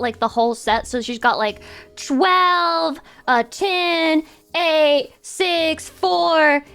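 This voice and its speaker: High-voiced playful woman streamer. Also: fairly bright tone. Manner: playful, teasing, with sudden squeaky high outbursts. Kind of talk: casual chat reacting to viewers. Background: faint music.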